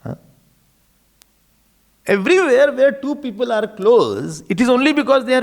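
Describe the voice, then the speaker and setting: Guy teaching scripture, high voice, bouncing all over, laughs a lot. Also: moderate pace. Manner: animated, storytelling, laughing often. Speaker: spiritual teacher. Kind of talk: spiritual discourse.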